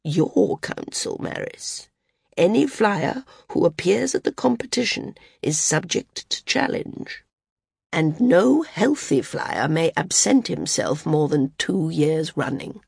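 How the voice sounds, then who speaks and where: A woman voicing an impassive older woman teacher who speaks evenly, calmly and firmly. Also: lowish voice, takes it slowly, gravelly, slightly rough, no room sound, clean studio sound, full character voice. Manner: calm, even, cool and firm.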